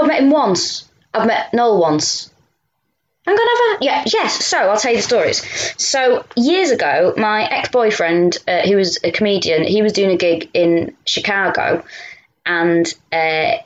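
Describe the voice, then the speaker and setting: A woman's voice: medium pitch, muffled recording. A woman from Manchester with a Mancunian accent, a comedian chatting in an interview and telling stories with many fillers and restarts. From Manchester, England. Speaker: comedian guest. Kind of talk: casual interview chat.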